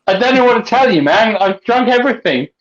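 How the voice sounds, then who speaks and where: A tipsy man co-hosts a casual drinks livestream, rambling and getting loud and excitable. His voice sits a bit high. The call audio sounds dull and lo-fi. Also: a little fast. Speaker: co-host. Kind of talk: casual drunken chat on a livestream.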